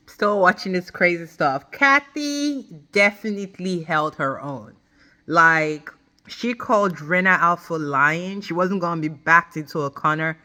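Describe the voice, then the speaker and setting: A woman recaps a reality show in a low, unhurried voice, ranting bluntly and with emphasis. She swears freely and talks directly to her viewers in an animated way.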